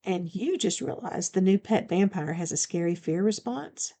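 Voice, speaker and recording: A woman's voice: lowish voice, animated, normal speed, warm tone. Woman reading a defensive baby vampire woman. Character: young-looking woman vampire, defensive and proud.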